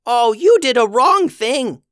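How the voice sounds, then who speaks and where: A man's voice: very high voice, lively intonation, slow pace, a bit bright, clean tone, dry recording, studio quality, pitched above the performer's own voice, full character voice. A man voicing a small, stubborn male goblin king who talks in short, simple, childlike sentences. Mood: alarmed.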